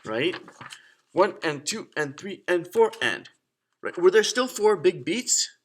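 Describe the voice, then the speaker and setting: A man's voice: high voice, big pitch swings, slow, slight background noise. A young man teaching a children's music lesson, counting and chanting rhythms aloud in an upbeat way.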